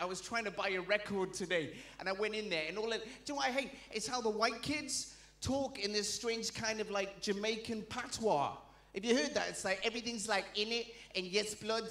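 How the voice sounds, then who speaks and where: A Geordie man from Newcastle, England, performs a stand-up set at a live comedy venue, his high, sharp voice sounding roomy. He's chatty and self-deprecating, bantering with the crowd.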